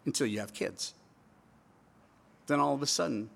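Gravelly pastor preaching casually. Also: male voice, mid-range voice, moderate pace, pauses often, fairly bright tone. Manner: conversational preaching with acted asides and quoted voices. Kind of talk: sermon.

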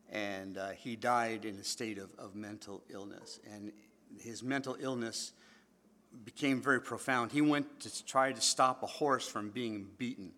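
A man preaching a sermon to his church congregation, animated and joking with the crowd as he teaches. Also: on the low side. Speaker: pastor.

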